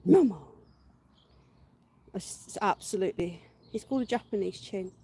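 Chatting with viewers and her dog during a casual garden livestream recorded outdoors, she uses baby talk and laughs frequently. Her voice is medium-pitched, warm and slightly rough, at a normal speed.

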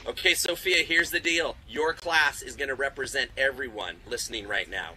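A man's voice: medium pitch, moderate pace, pushed and bright, slight background noise, poor audio. A man hosting a live online class field trip, quizzing school classes in an upbeat, encouraging way. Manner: upbeat, encouraging, praises kids. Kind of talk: live interactive quiz with classrooms.

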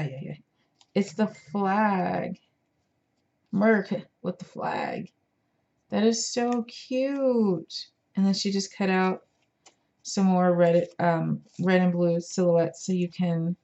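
A woman's voice: fairly low pitch, dark tone, dull audio. A tired woman showing craft supplies in a casual, chatty vlog, gushing over each item with plenty of fillers. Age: adult parent. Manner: chatty, enthusiastic, many fillers. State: tired, yawning. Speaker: craft vlogger. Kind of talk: casual show-and-tell.

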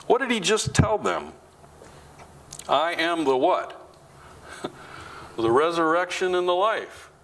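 A male pastor preaching a sermon in a bright, forceful voice that swings widely in pitch. He keeps putting questions to the congregation, then sinks low and slow to drive a point home. His voice sits somewhat high for a man. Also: lively intonation, a little hiss or hum, rough recording. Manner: asks the congregation many questions; drops to low, slow, quiet emphasis.

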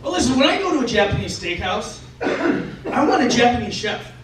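A man doing a stand-up comedy routine, animated and often laughing as he acts out voices. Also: very high voice, moderate pace. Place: live stage venue. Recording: echoey venue, distant mic, loud noise.

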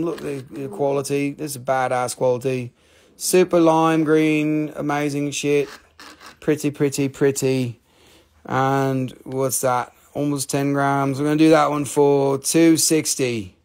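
A man hosting a live stream selling stones, joking and teasing his viewers as he calls out prices, with slightly broken phrasing. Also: on the high side. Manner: joking, teasing banter while calling prices. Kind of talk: live sales stream chat.

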